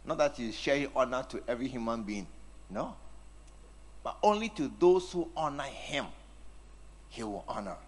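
A man's voice: medium pitch, lively intonation, normal speed, long pauses. A man preaching a sermon, teasing and acting out scenes with his congregation. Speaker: pastor.

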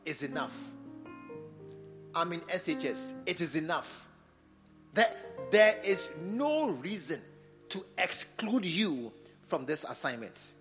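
A man with a Ghanaian English accent preaching a sermon in church, repeating phrases and swinging from quiet talk to loud exhortation. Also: on the high side, big pitch swings, slow pace, long pauses, soft background music. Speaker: bishop preaching. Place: church service.

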